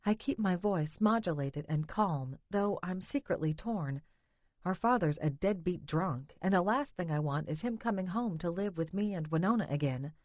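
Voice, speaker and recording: A woman narrating a romance audiobook in the first person, measured and intimate. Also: lowish voice, expressive, darkish tone, no echo.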